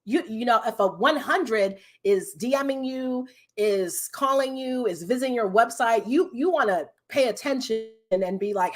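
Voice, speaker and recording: A woman's voice: a little high, expressive, normal speed. A woman business coach hosting a live stream, chatting casually and animatedly with her viewers and laughing often.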